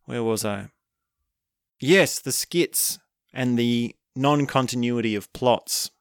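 A man casually recapping a film, telling it with animated energy and acting out the characters' lines with chuckles. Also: medium pitch, slow, clear, resonant tone, no room sound, clean studio sound. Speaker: film reviewer.

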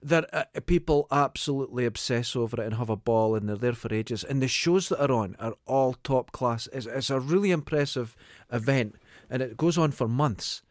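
A Scottish man telling sweary stories in casual podcast chat, often halting on fillers. His mid-pitched voice sits close and dry, with no room sound around it. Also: no echo. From Scotland. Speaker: podcast co-host.

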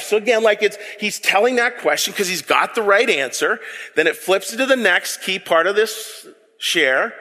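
A man preaching a sermon, animated and joking with his congregation in a church hall. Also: high-pitched, moderate pace. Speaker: pastor.

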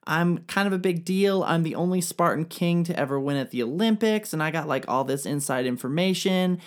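A man's voice: fairly high pitch, pitched above the performer's own voice, lightly acted. A man doing a boastful eager exiled king.

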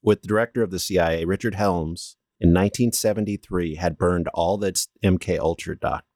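Man, low voice, dry close sound, casual podcast storyteller, reads from notes, trips over words. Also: fairly quick, no echo. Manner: steady storyteller, stumbles and restarts while reading. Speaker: podcast co-host presenting the story.

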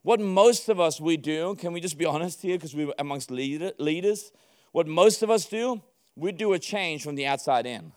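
Animated high-voiced male pastor. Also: normal speed. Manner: animated, laughing, acting out dialogue. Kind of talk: sermon to church leaders.

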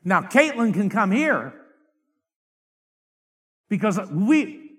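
Middle-aged preacher, high bright tenor, fiery revival delivery with shouts and hushed asides. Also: male voice, very animated, slow, slightly rough. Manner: swings from shouted outbursts to low confiding asides. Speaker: evangelist.

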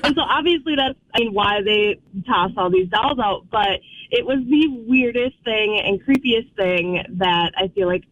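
A man's voice: high-pitched, lively intonation, moderate pace. A male caller telling a story over the phone in a giggly, rambling way. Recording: muffled phone line with faint hiss.

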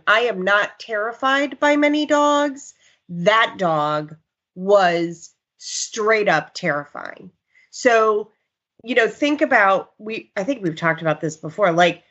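A woman who works as a dog trainer, chatting casually and telling stories in an animated way. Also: medium pitch. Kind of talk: casual podcast chat. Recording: slightly dull lo-fi sound.

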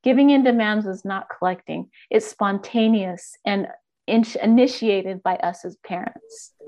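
A woman's voice: mid-range voice, a little slow, darkish tone. A woman co-hosting a podcast discussion, attentive and affirming, summarizing ideas from a book. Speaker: podcast co-host. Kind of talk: casual panel discussion.

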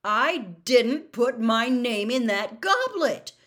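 A woman's voice: on the low side, moderate pace, natural voice. A woman voicing an earnest, frustrated teenage boy who insists he is telling the truth, in a storybook reading. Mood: indignant. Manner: indignant, pleading.

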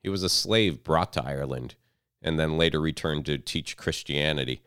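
A man in his thirties co-hosting a casual podcast, joking and slipping into loud mocking impressions. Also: rumbling low, normal speed, clean tone, no echo, studio quality. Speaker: podcast co-host. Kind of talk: casual banter.

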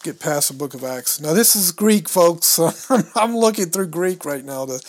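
Walking through scripture step by step, this male co-host reads verses and Greek terms aloud, tripping over how to say them, and thinks out loud while consulting his books. He sounds a little high and animated, speaking at a moderate pace.

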